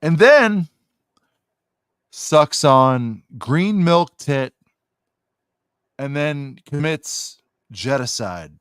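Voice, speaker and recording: A man's voice: on the high side, sing-song, extremely slow, long pauses, fairly bright tone, clean tone, no room sound. A man talks unhurriedly on a casual podcast, winding through a profane, ranting story. His voice sits close and dry, with no room sound around it. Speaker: podcast co-host.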